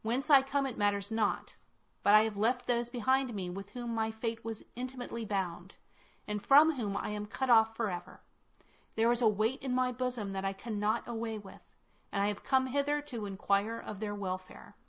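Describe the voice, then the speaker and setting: A woman's voice: fairly high pitch, normal speed, a bit bright, close to an everyday voice. A woman voicing a troubled, desperate lady who is a stranger in the land. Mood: earnest. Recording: dull lo-fi recording.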